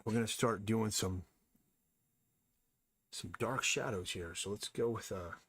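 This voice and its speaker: A man's voice: lowish voice, unhurried, fairly bright tone, slightly rough. A man casually chatting on a live stream while he draws, blunt and rambling, often talking to himself about his work. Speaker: artist streaming a drawing session.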